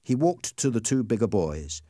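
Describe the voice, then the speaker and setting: A man's voice: mid-range voice, big pitch swings, mellow, no room sound, studio quality. A man reading a story aloud as narrator, in scripted storybook narration. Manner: slow, clearly paced reading.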